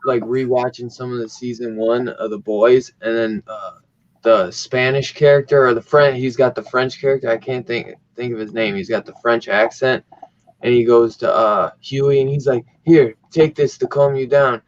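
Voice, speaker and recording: A man's voice: medium pitch, steady tone, normal speed, dull audio. A man chatting casually on a stream, telling loose stories full of "like" and "bro". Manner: loose storyteller, says "like" and "bro" a lot. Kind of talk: casual chat.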